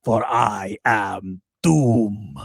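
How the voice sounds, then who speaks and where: A man putting on a slow, deep, theatrical voice as a menacing supervillain with a fake European accent. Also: animated, vocal fry, no echo, studio quality, heavily acted. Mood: pompous menace. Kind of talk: comedic impression on a livestream.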